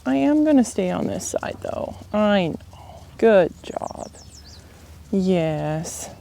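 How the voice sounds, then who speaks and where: Woman softly soothing a young horse outside, slow mellow voice, lots of whispery bits, birds in the background. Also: mid-range voice, big pitch swings, gravelly. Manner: gentle, soothing, often hushed to a whisper. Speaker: horse trainer in a gentling challenge. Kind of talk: soft-spoken talk to a horse. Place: outdoors at a horse pen.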